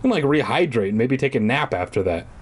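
Sarcastic man with a lively voice. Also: medium pitch, fast talker, a little hiss or hum. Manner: sarcastic, crude, self-deprecating asides. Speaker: podcast host reading a children's horror book. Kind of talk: casual comic read-aloud with asides.

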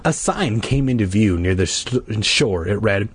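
A man casually reading a children's horror book aloud, hoarse from being sick and slipping in crude jokes. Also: fairly low pitch, lively intonation, moderate pace, a little hiss or hum. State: hoarse from illness. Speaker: audiobook reader.

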